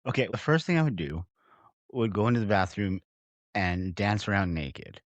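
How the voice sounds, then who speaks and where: A middle-aged man from Canada jokes around in a casual podcast chat, playful and animated. His pitch swings widely, and the sound is close and dry. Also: normal speed, no room sound, muffled recording. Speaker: podcast co-host.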